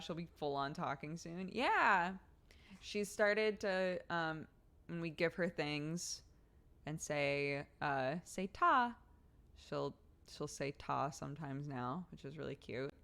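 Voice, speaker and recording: A woman's voice: deep voice, a bit bright. A young woman streamer chatting casually with her viewers, giggly and rambling as she tells stories. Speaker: streamer host reading chat.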